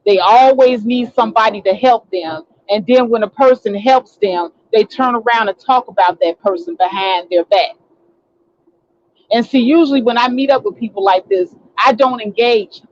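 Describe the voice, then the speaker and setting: A woman's voice: on the high side, normal speed, dull audio. A woman telling a story in a casual, indignant, ranting monologue, acting out what people said. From Chicago. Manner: indignant, ranting storyteller who acts out quotes. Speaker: online talk show host.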